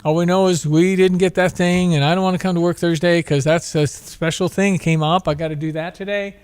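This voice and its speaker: A man's voice: sits high, steady tone, a little fast, darkish tone, smooth, no echo. Earnest, moralizing male talk show host.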